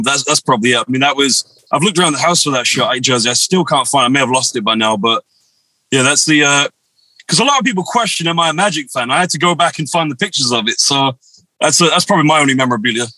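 A man telling long, animated anecdotes with quoted dialogue as a guest in a casual chat. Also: medium pitch, dry recording, low-quality recording. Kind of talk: casual storytelling on a video chat.

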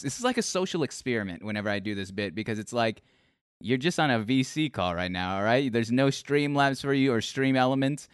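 A man hosting a livestream interview show, talking in an animated way and often repeating his words. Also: mid-range voice, smooth, no echo, studio quality. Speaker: host.

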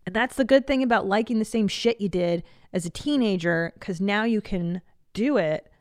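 A woman's voice: mid-range voice, animated, normal speed, no room sound, clean studio sound. A woman in her forties hosting a podcast, talking in a casual, comedic monologue that is profane and chatty, and she laughs often. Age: 40s. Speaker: podcast host.

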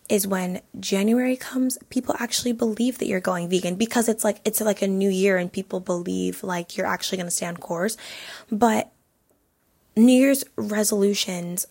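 A woman's voice: medium pitch, vocal fry, darkish tone, slightly rough. A young woman in her twenties hosting a casual solo podcast, chatty and filling her talk with "like". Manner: chatty, heavy use of "like". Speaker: podcast host.

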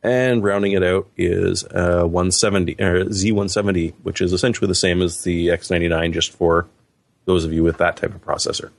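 A man's voice: low-pitched, steady tone, a little fast, creaky, no room sound. A man on a tech podcast, running through product specs with dry jokes in casual chat. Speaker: podcast host.

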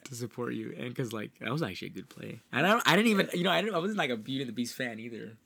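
Laid-back young man, mid-pitched voice. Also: sing-song, very fast, creaky, crowd noise. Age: young adult. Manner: easygoing, laughs often, rambling restarts. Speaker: podcast guest, student government president. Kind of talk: casual podcast chat.

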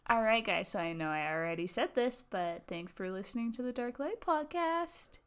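A woman's voice: a little high, animated, normal speed, fairly bright tone, clear, resonant tone. A woman co-hosting a podcast from a small home studio, chatting casually, laughing a lot and saying "like" often. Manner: giggly, chatty, lots of "like". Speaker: podcast co-host. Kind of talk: casual chat.

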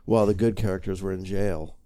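A man co-hosting a casual podcast chat, laid-back, with deadpan jokes. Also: sits low, fast, no room sound, studio quality. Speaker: podcast co-host.

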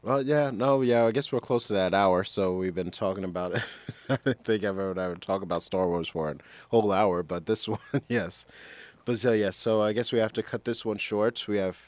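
A man's voice: lowish voice, brisk, no room sound. A man co-hosting a podcast in casual chat, rambling along, chuckling often and trailing off. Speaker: podcast co-host.

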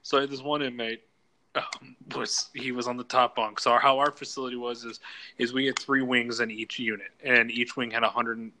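Bright-voiced man telling crude stories. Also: mid-range voice, flat delivery, brisk. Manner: crude, laughing storyteller, acts out voices. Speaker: podcast co-host, former prison case manager. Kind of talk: casual storytelling chat.

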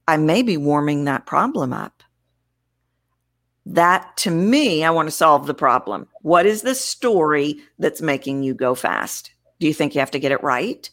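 A woman with a notably low voice, answering interview questions as a voice coach. She talks expressively, shifting her delivery to show what a voice can do. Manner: expressive, demonstrates vocal variety while explaining. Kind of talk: interview conversation.

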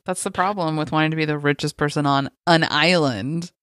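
A woman co-host with a fairly low voice, making soft, wry comments during a casual chat. The sound is dry and close. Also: fairly even intonation, brisk, no room sound. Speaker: podcast co-host.

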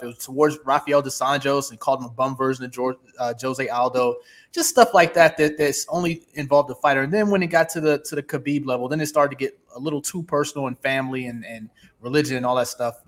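A man on a sports talk panel, answering in an easygoing, conversational way. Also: mid-range voice. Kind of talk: casual sports chat.

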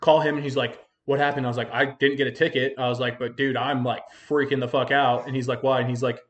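A man's voice: medium pitch, little pitch movement, quick pace, highs cut off. A young man in his twenties hosting a podcast, telling a long story in a rambling, profane way full of fillers. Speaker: podcast host. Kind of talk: casual storytelling chat.

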